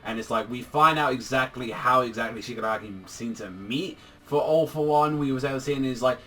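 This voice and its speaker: A man casually recapping a manga chapter, rambling and excitable, swearing a lot and filling his talk with "like". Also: medium pitch, a little fast. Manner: rambling, profane, heavy use of "like", excitable. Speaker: manga reviewer.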